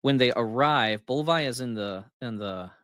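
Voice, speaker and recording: A man casually retelling a movie scene, acting out the characters' lines with sudden jumps in pitch and chuckling along the way. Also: moderate pace, no room sound, studio quality. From United States. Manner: animated storyteller, acts out quotes with big pitch jumps and laughs. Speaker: author and channel host.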